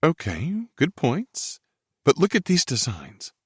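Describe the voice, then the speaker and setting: Audiobook: male narrator as an earnest young woman designer, higher voice, dry sound. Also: wildly swooping pitch, takes it slowly, breathy edge, no room sound, exaggerated voice. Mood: earnest, pleading. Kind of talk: audiobook character voice.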